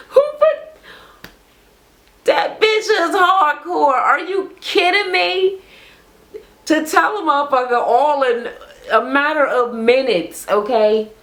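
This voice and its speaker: A woman recapping a reality TV episode as a vlogger, telling it in a blunt, profane, animated way. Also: high voice, slow. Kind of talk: casual ranting recap.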